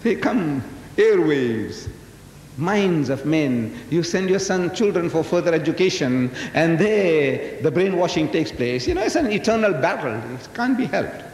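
An old man in his seventies lecturing in a storytelling way, his pitch rising and dipping all the time. He keeps turning to the audience with rhetorical questions. His voice echoes through a big hall over a faint hiss. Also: big pitch swings, unhurried, a little mellow. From South Africa. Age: 70s. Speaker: Muslim lecturer. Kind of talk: religious public lecture.

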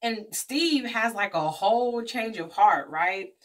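Woman vlogger, casual chatty recap, animated storytelling, slangy asides, mid-pitched voice. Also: slow. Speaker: beauty vlogger reviewing a movie.

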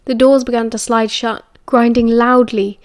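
A woman with a British accent narrates an audiobook in a steady, measured way. Her voice sits a little high, and the recording is close and dry. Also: dry recording. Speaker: audiobook reader.

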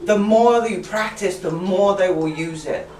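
In a workshop for other teachers, this trainer describes a classroom routine at a measured pace, laughing easily and mimicking her pupils. Her mid-range voice is a little mellow and far from the mic, in a roomy space with faint room noise.

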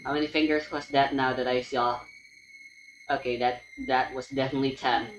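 A man giving casual gameplay commentary with dry, deadpan remarks. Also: mid-range voice, brisk, reverberant, a little hiss or hum, rough recording. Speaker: let's play gamer. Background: game music.

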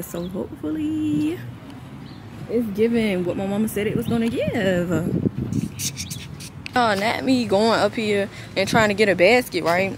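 A young adult woman talking casually to her viewers as a lifestyle vlogger, chatty and addressing them directly. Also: medium pitch. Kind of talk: casual vlog narration to viewers. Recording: noisy outdoor and car background.

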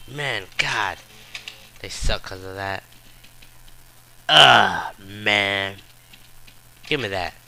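A man's voice: fairly low pitch, animated, drawn-out words, creaky, long pauses, bright, forceful tone. A man giving live gameplay commentary, frustrated and trash-talking with profane outbursts.

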